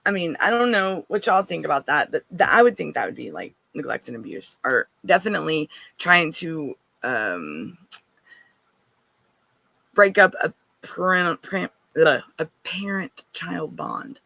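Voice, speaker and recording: A woman's voice: low-pitched, big pitch swings, a little slow, vocal fry, bright, forceful tone, dry recording. A woman giving an earnest, rambling personal account as a guest, often restarting and turning to ask listeners directly.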